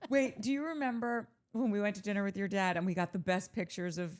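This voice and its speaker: A woman co-hosting a casual chat show, reading listener comments aloud with quick animated asides. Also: medium pitch. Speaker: podcast co-host.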